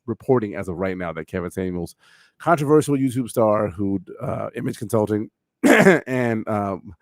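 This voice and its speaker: A man's voice: on the low side, expressive, moderate pace, no echo, clean studio sound. A man co-hosting a podcast in casual chat, talking with animation, swearing often and using lots of fillers and restarts. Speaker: podcast co-host.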